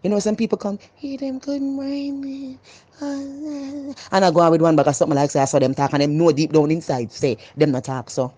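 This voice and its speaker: A woman with a Jamaican accent, talking loudly and animatedly in a casual, opinionated vlog monologue. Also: low-pitched, rapid-fire, hardly any pauses. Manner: animated, loud and emphatic. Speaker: vlogger.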